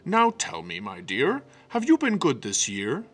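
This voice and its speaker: A man voicing a deep, jolly old Santa bear in a storybook reading. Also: huge pitch swings, measured pace, husky, faint music behind, heavily acted.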